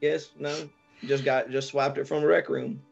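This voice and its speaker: A man's voice: mid-range voice, level tone, moderate pace, creaky, soft background music. A man voicing a polite, folksy tinkerer who rambles and apologizes. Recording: muffled lo-fi audio.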